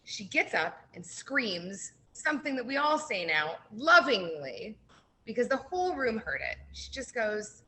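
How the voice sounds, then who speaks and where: A woman guest on a radio show telling a long, lively anecdote, full of "like" and acted-out quotes. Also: a little high, moderate pace, a little hiss or hum, poor audio. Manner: lively storyteller, heavy use of "like". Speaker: brewery guest. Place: radio studio.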